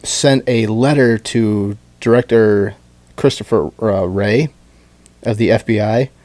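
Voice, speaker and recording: Guy on a podcast telling a story, swears a lot, jumps high when quoting people, dry close sound. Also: unhurried, darkish tone, dry recording. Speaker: podcast co-host. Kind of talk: casual chat.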